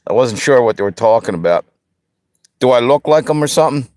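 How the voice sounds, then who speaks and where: A man's voice: medium pitch, lively intonation, a little fast, a little mellow, no room sound, studio quality. A man from the Pennsylvania and Delaware area, hosting a live stream and chatting casually with viewers in a rambling, easygoing way. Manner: easygoing, rambling, talks straight to the chat. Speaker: livestream host.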